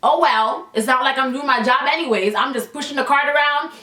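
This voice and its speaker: A young woman telling a casual storytime, fast-talking, blunt and profane. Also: high-pitched, sharp tone, distant mic. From Canada. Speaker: vlogger. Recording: echoey room, voice away from the mic.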